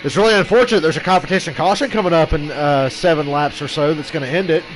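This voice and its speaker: A man's voice: fairly high pitch, fast talker, music in the background, poor audio. A man giving a casual live reaction to a car race, blunt, profane and grumbling at what he sees.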